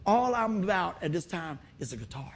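High, lively-voiced male preacher telling a story. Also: normal speed. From West Virginia. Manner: animated storytelling, acting out voices, bursts of loud whoops. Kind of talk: storytelling sermon.

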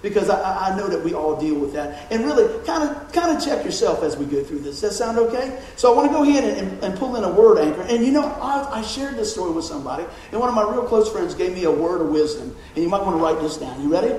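A man's voice: high voice, sing-song, quick pace, few pauses, a little mellow, a little hiss or hum. A man giving a casual sermon, chatty, laughing often and repeating his words. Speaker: pastor. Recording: echoey room, mic far off.

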